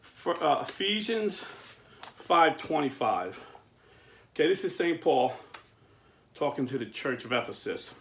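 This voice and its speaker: In his fifties, the host of a Catholic men's video preaches casually with a slightly high voice, speaking unhurriedly and pausing often. His phrasing is plain and blue-collar, and he chuckles through animated storytelling.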